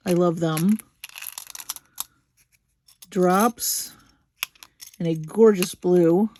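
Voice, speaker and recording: A woman hosting a crafting video, gushing slowly and admiringly over beads with soft exclamations as she unboxes them. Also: fairly low pitch, slight background noise. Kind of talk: unboxing commentary.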